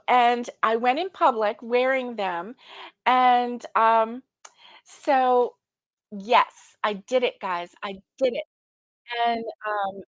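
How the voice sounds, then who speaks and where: A woman's voice: on the high side, no echo, poor audio. A middle-aged woman telling a rambling story in a casual chat, full of fillers and quoted dialogue. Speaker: crochet vlogger.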